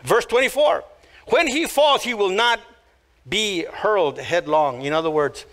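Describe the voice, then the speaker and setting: A man preaching a sermon, emphatic and repetitive, slowing right down to stress key words. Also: sits high, expressive, a bit bright. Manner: emphatic, repeats phrases, slows down to stress words; acts out little quoted voices. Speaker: pastor.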